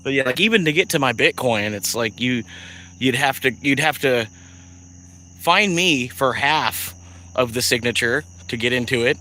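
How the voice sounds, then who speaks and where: Bright-voiced rambling man. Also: medium pitch, expressive, normal speed, slight background noise, low-quality recording. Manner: rambling, profane, laughs often. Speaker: livestreamer. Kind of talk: casual livestream chat. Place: outdoors at night.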